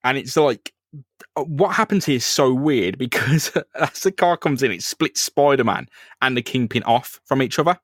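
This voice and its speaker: A man's voice: medium pitch, expressive, normal speed, fairly bright tone, no echo, clean studio sound. Laughing man retelling a comic. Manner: laughing often, acting out characters in bursts. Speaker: podcast co-host. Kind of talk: casual comic chat.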